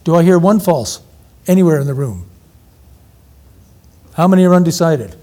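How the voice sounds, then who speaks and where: A middle-aged man teaching an audience in an energetic, interactive sermon, firing questions at the crowd. His voice sits fairly high for a man, with a mellow, dark tone. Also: moderate pace. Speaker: preacher, evangelism teacher.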